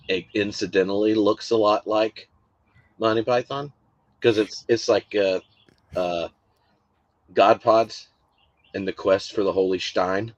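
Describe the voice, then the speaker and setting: A man's voice: sits low, dull audio. A man co-hosting a podcast, chatting casually with many fillers and restarts. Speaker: podcast co-host. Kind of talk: casual chat.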